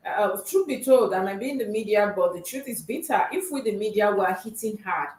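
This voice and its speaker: A woman co-hosting a newspaper review, talking earnestly in a measured way. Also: mid-range voice, expressive, a little mellow. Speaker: co-host. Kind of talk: studio discussion. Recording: roomy studio echo from off-mic.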